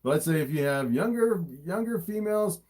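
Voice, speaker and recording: A man's voice: high-pitched, animated, fairly quick, darkish tone. A man chatting casually on a livestream, answering viewer questions, laughing often, with his throat a little sore, recorded on a phone camera. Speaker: livestream host and snake breeder.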